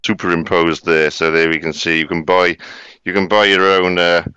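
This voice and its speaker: Man, very low voice, bright and smooth, dull dry recording. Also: level tone, normal speed, no room sound. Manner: dry, swears casually. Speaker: podcast co-host. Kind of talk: casual chat.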